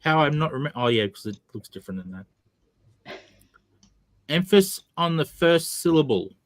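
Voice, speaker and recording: A man's voice: fairly high pitch, animated, moderate pace, dry recording. A man hosting a casual chat about comics, playful and jokey. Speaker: host.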